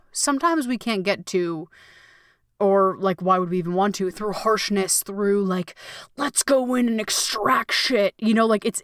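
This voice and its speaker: A woman's voice: mid-range voice, smooth, no echo, studio quality. A woman coach hosting a solo podcast, talking candidly and emotionally and swearing freely.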